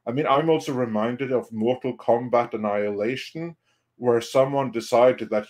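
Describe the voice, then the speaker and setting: Relaxed man with a Norwegian accent. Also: mid-range voice, normal speed. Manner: relaxed, hesitant, filler-heavy. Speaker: podcast panelist. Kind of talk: casual live-stream chat.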